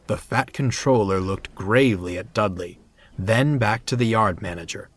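A man narrating a storybook tale in a measured, expressive way. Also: on the low side. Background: music.

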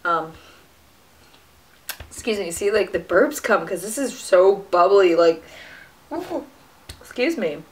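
A woman's voice: medium pitch, expressive, takes it slowly, long pauses. A young woman chatting casually while she eats, with frequent fillers and little "mm" sounds. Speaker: fitness vlogger. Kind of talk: casual mukbang chat to camera.

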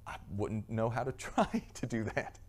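Earnest pastor preaching with frequent restarts. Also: male voice, mid-range voice, sing-song, normal speed, a little mellow. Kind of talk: sermon.

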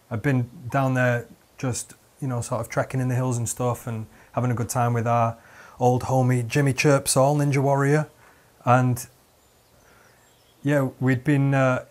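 Young man, podcast host, casual comedic storytelling, rambling, full of ums. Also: mid-range voice. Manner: rambling, self-interrupting with many fillers.

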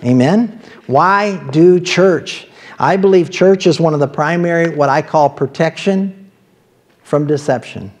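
A man's voice: on the high side, a little slow. A man with an Ohio accent preaching a sermon as pastor, talking in a conversational way with asides and laughs.

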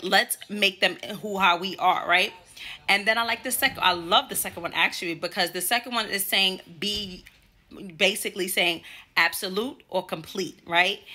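A woman's voice: on the low side, sharp tone. A young woman earnestly leading a casual Bible study, often restarting phrases and asking "right?".

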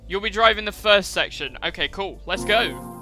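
High-voiced man doing racing game commentary. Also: expressive, normal speed. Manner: dry sarcastic asides while playing. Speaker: gaming channel host. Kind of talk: gameplay commentary. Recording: loud music and car engine sounds behind. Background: game music and racing car sounds.

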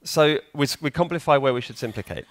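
A man's voice: fairly high pitch, quick pace, dry recording. Chatty man quizzing a conference audience. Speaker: conference speaker. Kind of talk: conference talk. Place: conference hall.

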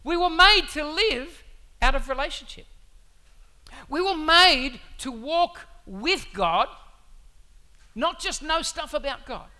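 Guy preaching, super high bright voice, telling stories and asking the crowd stuff. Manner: animated storytelling with asides to the congregation. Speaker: pastor. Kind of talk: sermon.

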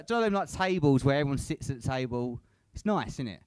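A man's voice: medium pitch, animated, quick pace, darkish tone, clear, resonant tone, dry recording. A young man doing a crude, sweary stand-up set at a comedy club, tagging lines with "innit". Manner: crude, swears a lot, tag questions like "innit".

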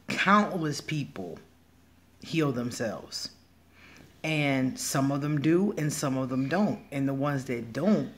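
A man's voice: medium pitch, gravelly. A man giving blunt, emphatic advice as a spiritual healer in a casual vlog monologue.

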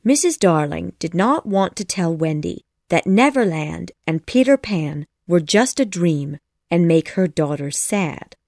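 A woman narrating a children's story audiobook in a measured, clear storytelling manner. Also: fairly low pitch, expressive, darkish tone, no echo, studio quality. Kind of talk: scripted narration.

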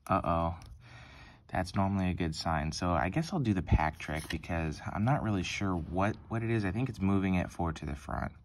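A young man hosting a card-opening vlog, talking softly and hesitantly with lots of ums as if still sleepy. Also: deep voice, a little fast. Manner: soft-spoken and hesitant, many ums and likes, near-whispering. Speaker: card-opening channel host. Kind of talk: casual pack-opening vlog.

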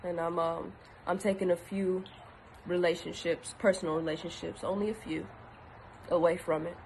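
A woman's voice: fairly low pitch, flat delivery, normal speed, vocal fry, a little mellow, slight background noise. A tearful woman giving an earnest personal video message, often repeating herself for emphasis. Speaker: actress.

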